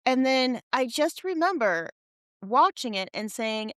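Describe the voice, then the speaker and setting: Woman co-host, lively and higher-voiced, casual recap banter, dry close sound. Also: unhurried, dry recording. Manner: chatty, recapping with playful teasing. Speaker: podcast co-host. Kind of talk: casual chat.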